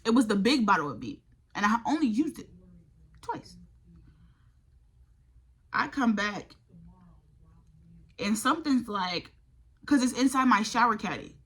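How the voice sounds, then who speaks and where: Bright-voiced young woman ranting a storytime. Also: a little high, a little slow, pauses often, slightly rough. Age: young adult. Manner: animated, profane, exasperated storytelling. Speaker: vlogger. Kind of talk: storytime vlog.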